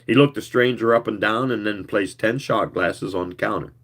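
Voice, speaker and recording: A man giving a live reading of a story in a slow, measured storytelling manner. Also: fairly low pitch, fairly bright tone. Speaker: reader.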